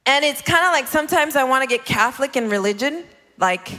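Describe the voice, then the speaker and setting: A woman in her thirties preaching a sermon, animated and playful, acting out the voices of the people she quotes. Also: sits high, fast talker. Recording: long hall reverb.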